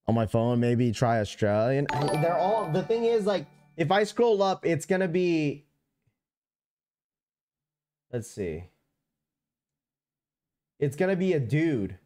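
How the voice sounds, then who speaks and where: A man's voice: a little high, sing-song, takes it slowly, long pauses, music in the background. A man hosting a live stream, talking casually and rambling to his chat. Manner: rambling, chatty, talks straight to chat. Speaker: livestream host.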